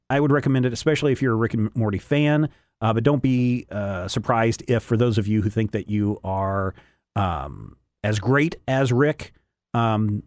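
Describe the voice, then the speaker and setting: A man's voice: on the low side, darkish tone, no echo, studio quality. A man co-hosting a casual comic review chat, rambling with frequent restarts and self-corrections. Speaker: podcast co-host reviewing comics.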